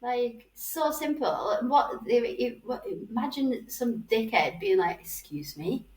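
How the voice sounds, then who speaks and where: A woman's voice: fairly high pitch, expressive, takes it slowly, darkish tone. Chatty northern english woman, roomy sound. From Northern England. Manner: chatty, swearing, acts out voices. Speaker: podcast guest. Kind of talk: casual chat, storytelling. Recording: roomy, slightly distant mic.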